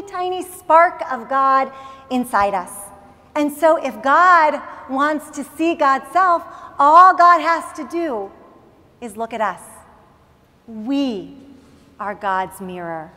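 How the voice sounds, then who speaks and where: A woman's voice: high-pitched, lively intonation, slow pace, sharp tone, heavily acted. A woman voicing an earnest little boy, echoing in a hall. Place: synagogue sanctuary. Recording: long reverb in large hall.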